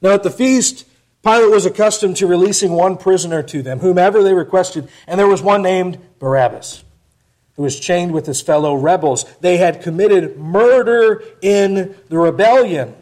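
Emphatic higher-voiced male preacher. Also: normal speed. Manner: rhetorical questions, rising for emphasis then dropping soft. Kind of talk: sermon.

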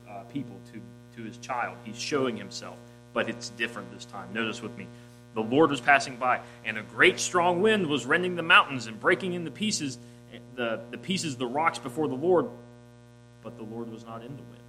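A man preaching a sermon, reading scripture aloud and swinging from loud emphasis to soft, quiet lines. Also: mid-range voice, low-quality recording. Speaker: pastor.

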